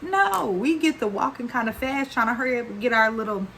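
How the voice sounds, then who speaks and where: A woman's voice: on the high side, expressive, fairly quick, fairly bright tone, a little hiss or hum, low-quality recording. Chatty young woman telling a story. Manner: chatty, slangy, runs on with fillers. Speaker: vlogger. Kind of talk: casual storytime.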